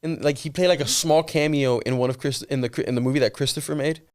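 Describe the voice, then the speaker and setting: A man hosting a podcast in a studio, laid-back and quick to laugh. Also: medium pitch, fairly even intonation, a little mellow. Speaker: podcast host. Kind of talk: casual podcast chat.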